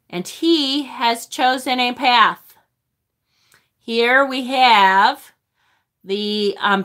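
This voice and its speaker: Woman tarot streamer, unhurried and gushing, fairly high bright voice; reads chat aloud. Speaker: tarot reader and live-stream host. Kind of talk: casual live-stream chat.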